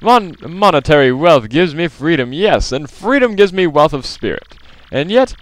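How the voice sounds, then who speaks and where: A man voicing a pompous, theatrical rich male merchant while reading game dialogue, with grand drawn-out exclamations. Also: fairly high pitch, big pitch swings, dry recording, voice pushed up. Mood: grandiose. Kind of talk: let's play voice reading.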